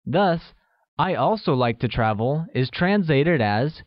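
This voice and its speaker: A man reads a scripted language lesson at an unhurried pace, drawing out each example word. His pitch moves up and down a lot as he praises and quizzes the learner. The recording is dry and a little dull. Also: animated, dry recording. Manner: slow, careful delivery with drawn-out example words. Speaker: language teacher.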